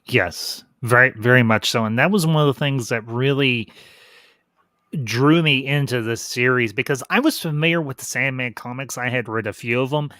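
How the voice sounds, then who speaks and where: A man hosts a relaxed review chat in a bright, forceful voice, recorded close and dry with no room sound. He rambles through his points, stopping and restarting as he digs for names and details. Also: mid-range voice, smooth, no room sound. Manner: rambling, restarts and trails off while recalling details. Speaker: host.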